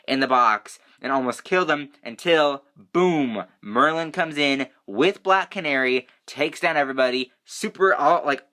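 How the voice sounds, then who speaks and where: A young man giving a casual, excitable, rambling review of a TV episode, full of fillers. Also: medium pitch. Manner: excitable, rambling, many fillers like "you know" and "like". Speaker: TV review vlogger.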